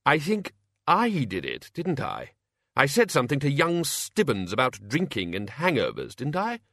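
A man voicing a bluff, hearty older male wizard in charge, speaking slowly and bluntly in an audiobook. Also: medium pitch, huge pitch swings, vocal fry, fairly bright tone, dry recording, clean studio sound, pitched above the performer's own voice, full character voice.

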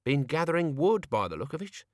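Crotchety old manservant, as a male reader puts him on. Pitched up, cranky, dry. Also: big pitch swings, brisk, a little mellow, no echo. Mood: grumbling.

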